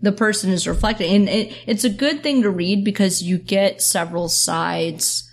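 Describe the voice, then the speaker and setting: A woman hosting a podcast, talking earnestly in quick bursts with lots of "like" and "you know" fillers. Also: medium pitch. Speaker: podcast host. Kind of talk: casual podcast discussion.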